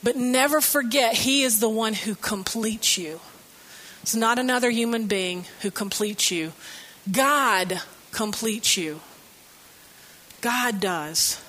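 A woman's voice: a little high, slow pace, a bit bright. A woman preaching a sermon in a conversational, storytelling way with light humor.

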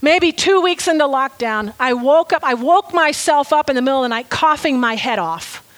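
High-voiced woman preaching with animated storytelling. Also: normal speed. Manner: animated storytelling, acts out quotes. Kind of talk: sermon.

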